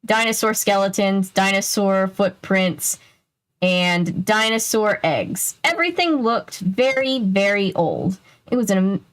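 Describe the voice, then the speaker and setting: Young woman reading aloud with wry asides. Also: mid-range voice. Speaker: host reading a children's mystery book. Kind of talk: casual read-aloud with asides.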